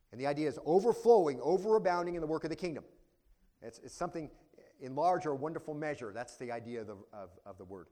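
A man preaching an expository sermon, explaining Greek words and often asking "see?", moving between loud emphatic passages and low quiet asides. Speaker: pastor.

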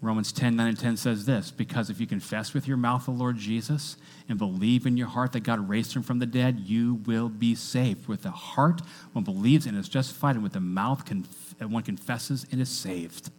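A man preaching a sermon to a church congregation, energetic, often asking the crowd to repeat lines after him. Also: medium pitch, moderate pace. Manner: energetic, with call-and-response to the congregation. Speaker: pastor.

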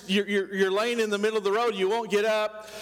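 A man's voice: high voice, flat delivery, fairly quick, long reverb tail, voice pushed up, lightly acted, rough recording. A man voicing an angry, embarrassed man scolding his donkey as he retells a story during a sermon. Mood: indignant.

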